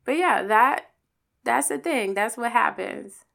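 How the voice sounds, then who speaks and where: Gravelly woman telling a candid story. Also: fairly high pitch, slow pace. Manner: candid, animated storytelling with swearing and acted quotes. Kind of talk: casual storytelling monologue.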